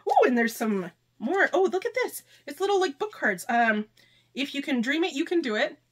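A woman hosting a casual unboxing vlog, excitable and gushing, sometimes reading book blurbs aloud. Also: high voice, normal speed. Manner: excitable and gushing, often near tears. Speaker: channel host.

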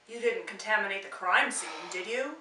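An actress playing a bossy, squeamish amateur crime investigator, brash and theatrical, on a small stage. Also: female voice, medium pitch, normal speed, sharp tone, faint music behind, lightly acted. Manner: brash, theatrical, easily grossed out. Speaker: stage actor. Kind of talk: live comedy stage acting. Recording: echoey theater room.

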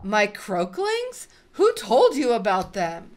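Woman playing a booming, bossy mother toad. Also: wildly swooping pitch, slow pace, slight background noise. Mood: wistful. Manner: booming, grand, croaks between phrases. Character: big bossy mother toad, gruff and theatrical.

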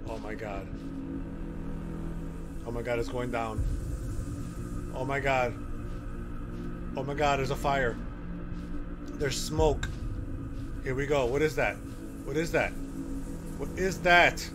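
A man hosting a horror game playthrough, reacting excitably and talking to himself as he plays. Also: medium pitch, takes it slowly, pauses often, music in the background. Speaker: gaming channel host.

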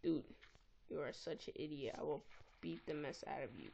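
A woman giving casual, excitable and easily exasperated commentary while playing a game, recorded on a tablet's built-in mic. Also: low-pitched, normal speed, gravelly, slight background noise. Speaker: gameplay recorder.

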